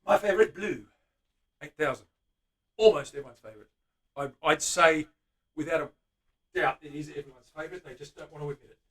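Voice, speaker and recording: A chatty man with a high-pitched voice hosts a live stream from his guitar workshop. He greets viewers by name and hums while he works. His voice sits back from the microphone. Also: fairly quick, pauses often, a bit bright, recorded from a distance. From Australia. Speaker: luthier host. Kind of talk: casual live-stream chat while working.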